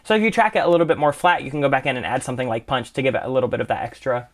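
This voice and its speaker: A young man explaining music production software in a relaxed, chatty tutorial, full of casual fillers. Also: medium pitch, racing. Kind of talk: casual screen-share tutorial.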